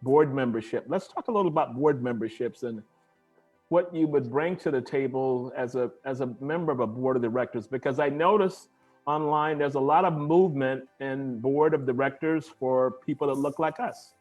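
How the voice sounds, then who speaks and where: A man hosting an interview over a video call, relaxed and affirming with short replies. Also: medium pitch, moderate pace, dull audio, soft background music. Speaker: interview host. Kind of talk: conversational interview.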